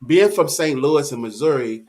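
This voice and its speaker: A man's voice: a little high, lively intonation, normal speed, darkish tone. A man hosting a casual interview, asking curious questions. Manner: curious questioner with short affirmations. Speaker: interviewer, host.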